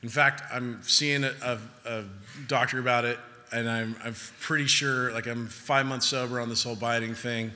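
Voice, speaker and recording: Wheedling male rattlesnake played by a man, soft and low, crisp bright voice, echo of a big hall. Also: steady tone, normal speed, hardly any pauses. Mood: coaxing. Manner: coaxing, wheedling promises. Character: sly pleading male talking rattlesnake.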